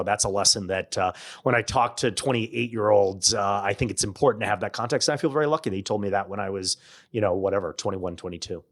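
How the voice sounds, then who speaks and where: Middle-aged man, low voice, animated storytelling. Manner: animated, quotes others in acted-out dialogue. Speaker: guest. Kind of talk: conversational storytelling.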